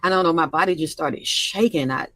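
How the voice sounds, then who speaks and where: A woman's voice: low-pitched, brisk, a bit bright, no echo. A middle-aged woman hosting a live stream from home, talking in an anxious, rambling, profane way, her voice shaking. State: shaky voice. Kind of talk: emotional live-stream monologue. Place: at home by the stove.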